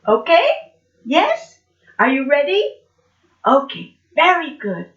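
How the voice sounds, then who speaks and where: A woman teacher giving an online lesson to young children, speaking slowly and clearly and going from whispers to shouts for effect, in an echoey room. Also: high-pitched, huge pitch swings. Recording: echoey room, dull sound.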